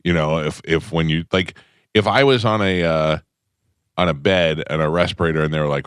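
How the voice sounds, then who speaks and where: A man's voice: deep voice, fairly quick, clean tone, no echo, clean studio sound. A man hosting a casual morning radio show, telling rambling stories and acting out the voices of people he quotes. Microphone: studio microphone.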